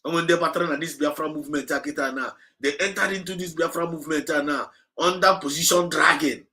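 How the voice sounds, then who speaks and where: A man with a Nigerian Igbo accent, a movement speaker, preaches an exhorting message on a livestream, repeating his points and slipping between English and Igbo. His pitch is fairly high, his pace quick, and his voice pushed and bright.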